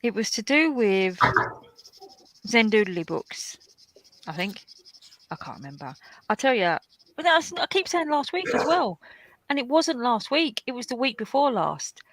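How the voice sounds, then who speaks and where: A woman's voice: a little high, big pitch swings, measured pace, long pauses, dry recording, poor audio. A woman hosting a live colouring stream, telling chatty anecdotes in casual talk. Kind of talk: casual chat.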